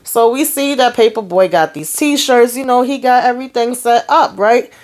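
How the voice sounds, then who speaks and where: A woman's voice: on the high side, normal speed. A woman hosting a casual TV review, chatting through an episode recap and quoting characters with shifts in her voice. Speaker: TV review host.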